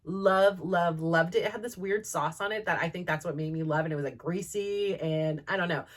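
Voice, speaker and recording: Rambling, giggly woman with a lowish voice. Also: moderate pace. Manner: rambling, lots of "like" and "um", laughs often. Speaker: podcast host. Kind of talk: casual storytelling monologue.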